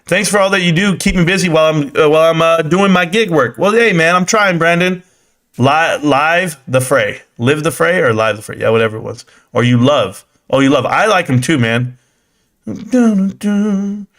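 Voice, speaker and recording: Young male streamer, loose and slangy, fairly high voice, reads chat off the cuff. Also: moderate pace, a bit bright. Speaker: live stream host. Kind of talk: casual live stream chat.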